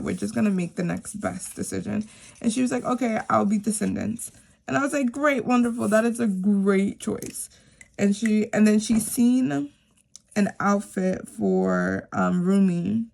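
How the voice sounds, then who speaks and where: A woman's voice: mid-range voice, vocal fry, a little mellow. A woman in her thirties, casually chatting and telling stories while budgeting cash, with lots of filler words. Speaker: budgeting vlogger.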